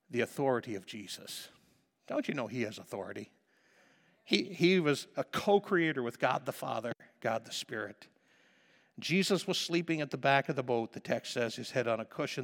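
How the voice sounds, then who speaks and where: A pastor preaching a passionate sermon, dropping to a hush and then rising to loud emphasis. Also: male voice, medium pitch. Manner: impassioned, swinging between hushed and loud. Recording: reverberant hall.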